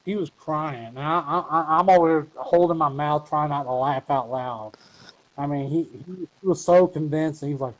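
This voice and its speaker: A man's voice: on the high side, normal speed, muffled recording. A man being interviewed, telling a long story casually with many fillers and restarts. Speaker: wrestler guest.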